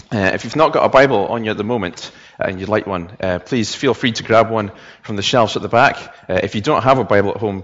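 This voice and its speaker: A man's voice: lowish voice, muffled recording. A man giving a church sermon and reading scripture, hesitant, with many fillers and repeated words. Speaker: preacher.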